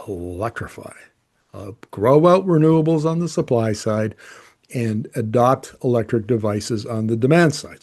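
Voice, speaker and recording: Guy journalist talking gas demand numbers, mellow, kinda dark voice, casual and opinionated, lots of restarts. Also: medium pitch. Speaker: energy journalist. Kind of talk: explanatory commentary.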